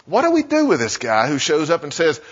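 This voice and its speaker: A man preaching a sermon in a casual, conversational way, full of "you know" asides and quick voiced quotes. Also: on the high side, wildly swooping pitch, slightly rough. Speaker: pastor. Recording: muffled sound with long hall reverb.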